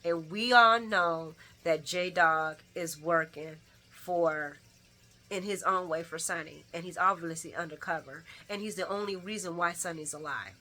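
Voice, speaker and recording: A woman hosting a casual daily soap opera recap, telling the story in an animated way and acting out characters' lines. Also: fairly low pitch, a little slow.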